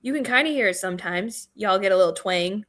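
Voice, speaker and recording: A woman's voice: medium pitch, lively intonation, fast, fairly bright tone. A young woman with a central Michigan accent, chatting casually and playfully as a guest, laughing often. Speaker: knife shop guest. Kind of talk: casual chat.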